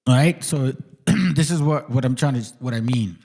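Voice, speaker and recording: A man talks loosely on a livestream in a plain mid-range voice. He swears casually and drags out words slowly to demonstrate how they sound. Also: mid-range voice, dark tone. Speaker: co-host explaining a pronunciation.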